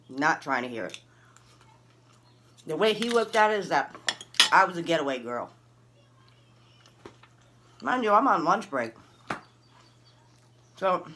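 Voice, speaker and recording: A vlogger shares a personal story in a casual, chatty way, acting out each person involved as her voice leaps up sharply on the quotes. She's an adult who looks back on her early twenties and has a son.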